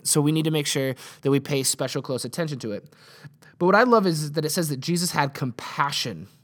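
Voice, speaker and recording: A man's voice: a little high, fairly quick, a bit bright. A man in his late twenties, a pastor giving a conversational sermon in an earnest way, often restarting and repeating words.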